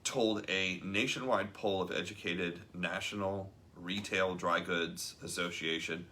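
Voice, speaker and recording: A low-voiced man talks through a book chapter on a live stream, loose and chatty, with plenty of ums. His tone is bright and forceful. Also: steady tone, a little slow, a little hiss or hum. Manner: loose and chatty, many ums, reads passages aloud. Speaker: show host.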